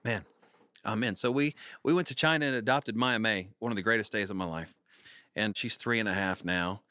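Lively joking male storyteller. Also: fairly low pitch, brisk, dry recording, clean studio sound. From Kansas, United States. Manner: animated, jokey storyteller. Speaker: singer-songwriter guest. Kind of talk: casual storytelling interview.

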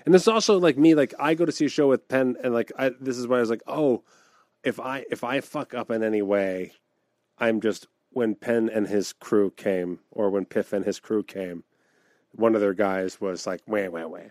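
A man co-hosting a podcast, telling a story in a casual, animated way, acting out the people he describes and laughing often. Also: lowish voice, normal speed, no room sound, studio quality. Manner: laughs often while talking. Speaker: podcast co-host.

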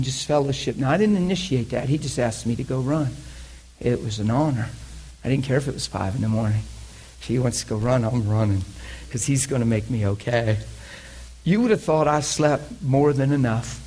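A man preaching, telling a personal story with animated energy and frequent laughter. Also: medium pitch, breathy edge. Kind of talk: sermon storytelling.

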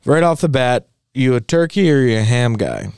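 A man's voice: mid-range voice, lively intonation, a little mellow, clear, resonant tone, no room sound. Guy cohosting a chill podcast, jokes on himself a lot, dry close sound. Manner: jokey, self-mocking, drawn-out storytelling. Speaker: podcast co-host. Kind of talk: casual chat.

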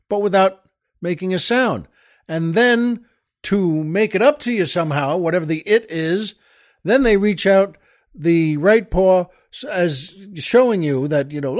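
Man, middle-aged, high voice, wry, exasperated, comic storytelling host. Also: unhurried. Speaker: podcast host.

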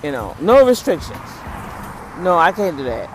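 A woman mimicking a dismissive male doctor who talks loudly, stammers and brushes off complaints. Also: fairly low pitch, big pitch swings, normal speed, faint music behind. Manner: loud, stammering, curt.

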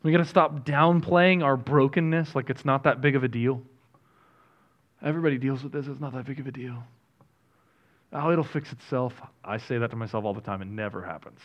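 A man preaching a sermon as a pastor, talking in a conversational, self-deprecating way that moves between quiet and energetic stretches. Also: medium pitch, moderate pace, long pauses, highs cut off.

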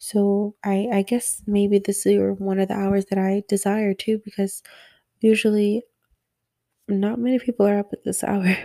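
A sleepy young woman musing softly and rambling in a late-night personal audio diary about being a mother. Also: medium pitch, level tone, gravelly, no room sound. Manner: slow, rambling, soft-spoken, yawning.

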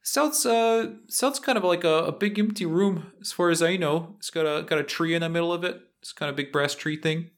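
A man's voice: fairly high pitch, a little fast, hardly any pauses, pitched above the performer's own voice, close to an everyday voice. Man playing a stammering nervous thief. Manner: stammering, jittery, pleading. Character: nervous male thief hiding underground.

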